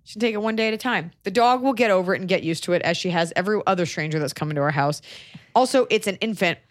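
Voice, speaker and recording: A woman chatting on a podcast with a dry, teasing sense of humor. Her voice sits a little low for a woman. The sound is close and dry, with no room echo. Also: very fast. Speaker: podcast co-host. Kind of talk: casual podcast chat.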